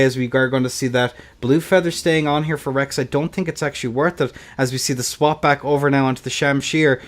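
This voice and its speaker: A young man doing play-by-play commentary on a video game tournament, animated, swinging between hushed and hyped calls, with playful asides. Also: mid-range voice. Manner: playful, slips into a joking Scottish accent.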